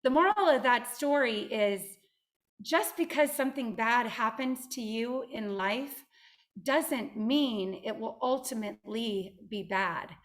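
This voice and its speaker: A woman guest speaker giving a motivational talk on a video call, telling stories in an animated, emphatic way. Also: fairly high pitch, slow pace. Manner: animated storytelling, direct and emphatic.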